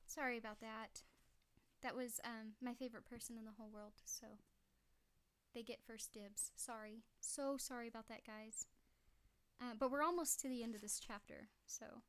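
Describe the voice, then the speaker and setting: A woman's voice: a little high, fairly even intonation, normal speed, fairly bright tone, clean tone. A woman reading a novel aloud at home, with chatty, apologetic asides to her listeners. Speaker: audiobook reader.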